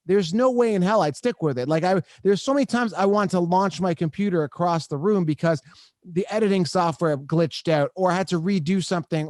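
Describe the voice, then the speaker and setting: A man's voice: high-pitched, a little mellow, dry recording, clean studio sound. A man hosting a podcast, talking casually and joking, with lots of "like" and "right?". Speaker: podcast host. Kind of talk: casual interview chat. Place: home podcast studio.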